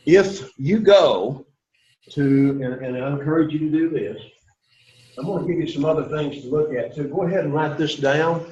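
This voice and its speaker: A man's voice: on the high side, moderate pace, a little mellow, highs cut off. A middle-aged man teaching a Greek class, lecturing to students in an emphatic way and repeating his key points.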